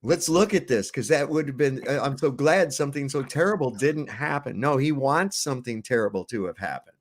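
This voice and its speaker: A man's voice: medium pitch, fairly quick. A man hosting a livestream, reacting to clips with profane, sarcastic commentary and rants. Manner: sarcastic, ranting. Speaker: livestream host.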